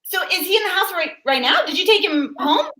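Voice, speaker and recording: A woman improvising a scene, asking quick questions and narrating cuts. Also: very high voice, lively intonation, pushed and bright. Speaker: improv performer.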